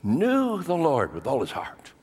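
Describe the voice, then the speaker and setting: An older male pastor preaching a sermon, telling stories dramatically and swinging between hushed and raised delivery. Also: fairly high pitch, wildly swooping pitch, unhurried, husky. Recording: long hall reverb.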